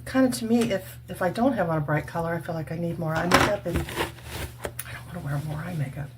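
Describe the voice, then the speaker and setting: Older lady in her 60s chatting to her camera at home, lowish voice, faint hum behind. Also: a little fast. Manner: chatty, earnest, laughs often. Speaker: vlogger. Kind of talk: casual makeup chat and testimony.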